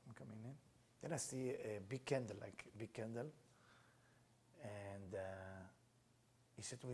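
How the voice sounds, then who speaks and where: A man's voice: on the low side, fairly even intonation, measured pace, pauses often, darkish tone, a little hiss or hum. A middle-aged man teaching Kabbalah in an earnest way, mixing personal stories into the lesson in plain, slightly non-native phrasing.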